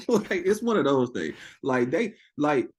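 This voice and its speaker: Animated young man, lively pitch. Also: takes it slowly. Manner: animated, profane, laughs often, acts out quotes in a high voice. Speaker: interview guest. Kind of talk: casual storytelling interview.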